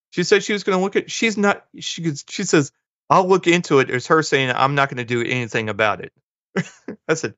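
A man's voice: medium pitch, animated, normal speed, fairly bright tone, no echo. A man co-hosting a podcast, casually retelling a movie plot and acting out the characters' lines in passing. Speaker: podcast co-host. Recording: dull lo-fi dry sound.

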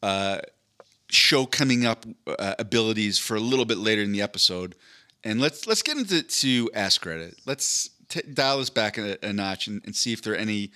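Podcast host, male, loose rambling joker who swears freely; bright, forceful voice. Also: fairly low pitch, animated, normal speed. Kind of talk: casual chat.

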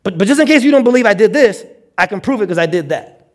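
A male pastor preaching with a notably high voice. He swings into quoted voices and repeats words as he pushes his points along. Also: quick pace. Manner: animated, acts out quotes with stammered repeats. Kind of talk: sermon.

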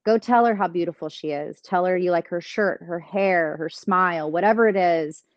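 Lower-voiced encouraging woman co-host. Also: moderate pace, no room sound, dull audio. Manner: encouraging, affirming. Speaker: podcast co-host. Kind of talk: casual chat.

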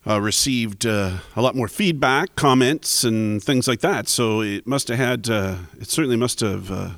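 A man co-hosting a casual podcast, relaxed and jokey with halting pauses. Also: mid-range voice, dry recording, clean studio sound. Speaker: podcast co-host.

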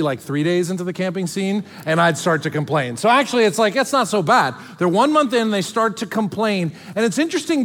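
Animated pastor preaching in a reverberant hall. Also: male voice, high voice. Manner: animated, conversational, jumps between scripture reading and joking asides. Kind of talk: sermon.

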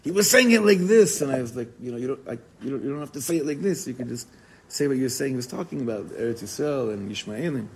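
A man giving an informal, animated Torah class, telling stories and mixing in Hebrew and Yiddish words. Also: mid-range voice, quick pace, slightly rough, low-quality recording. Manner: animated storytelling, code-switching with Hebrew and Yiddish terms.

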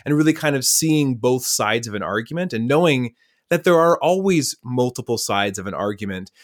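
A man speaking as a podcast guest, telling stories in a lively conversational way and acting out the dialogue. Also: medium pitch, normal speed. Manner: lively storyteller who acts out dialogue. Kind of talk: conversational storytelling.

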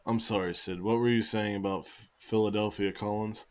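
A man's voice: fairly low pitch, fairly even intonation, normal speed, darkish tone. A man joking and swearing in casual banter while calling wrestling moves. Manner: profane, joking commentary.

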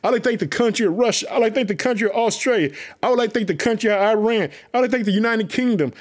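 Pumped-up high-voiced preacher man. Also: racing. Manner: excited, repetitive preaching catchphrases. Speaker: pastor. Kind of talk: energetic podcast sermon.

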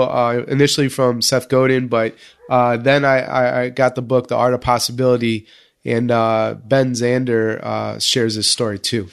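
A man guesting on a podcast, telling an animated story in casual interview talk. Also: medium pitch, clean tone. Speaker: school leadership podcast guest.

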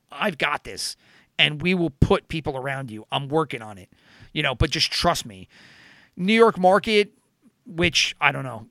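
A man's voice: fairly high pitch, pushed and bright, clean tone, no room sound. A man hosting a casual sports betting chat, rambling with lots of fillers and self-corrections. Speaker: podcast host.

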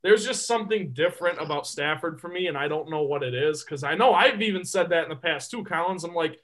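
A man's voice: a little high, animated, fast, a bit bright, low-quality recording. A man co-hosting a sports podcast, talking casually and emphatically, often repeating words as he gets going. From Detroit area. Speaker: podcast co-host.

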